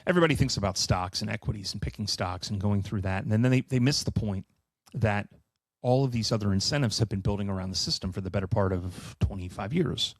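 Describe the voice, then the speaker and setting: A middle-aged man giving an animated solo finance presentation, emphatic and sardonic with profane asides. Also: on the low side, fast, no echo. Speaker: finance commentator.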